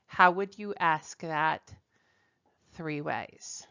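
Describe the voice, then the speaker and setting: A woman's voice: on the low side, measured pace, sharp tone. A woman teacher giving a language lesson, explaining step by step and translating each example. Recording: dull lo-fi recording.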